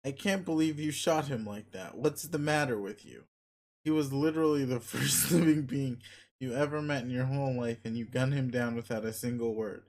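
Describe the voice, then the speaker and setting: A man's voice: medium pitch, normal speed, darkish tone. A man reading a webcomic aloud as narrator, in a dry, mocking manner. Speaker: webcomic reader.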